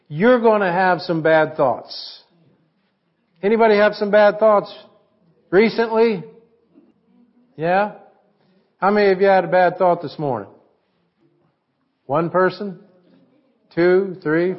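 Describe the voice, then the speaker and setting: A man's voice: sits high, dull audio. A man preaching a sermon in a conversational way, asking his congregation questions. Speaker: pastor.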